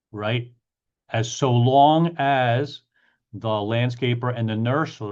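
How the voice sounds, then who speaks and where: A man's voice: medium pitch, a little mellow, muffled recording. A middle-aged man, an attorney hosting a monthly Q&A, explains in casual talk, stressing key points by repeating them. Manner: emphatic, repeats key points, acts out clients in quick asides. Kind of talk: casual explanatory talk answering chat questions.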